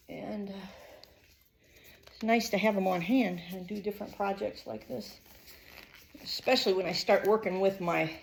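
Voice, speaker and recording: A woman's voice: medium pitch, vocal fry, roomy sound, recorded from a distance, a little hiss or hum. A woman talking casually at home while working out and then doing a kitchen project, rambling with many ums and a bit out of breath. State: out of breath after exercise. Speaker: lifestyle vlogger.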